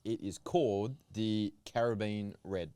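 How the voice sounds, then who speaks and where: A man's voice: on the low side, fairly even intonation, unhurried, warm tone, smooth, no echo. Blunt, joking man. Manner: blunt, joking, swears casually. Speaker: podcast co-host. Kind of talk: casual banter.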